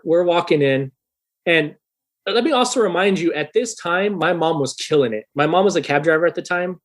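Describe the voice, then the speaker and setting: A thirty-year-old man telling a story in a casual podcast interview, animated and profane, loudly acting out the people he quotes. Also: fairly high pitch. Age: 30s. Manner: animated, swearing, acts out quoted voices loudly. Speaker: guest musician.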